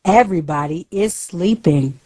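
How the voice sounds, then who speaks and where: A woman's voice: on the low side, a little slow, a little mellow, no room sound. A woman voicing a cold, commanding male thief boss in a spoken storybook reading. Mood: menacing.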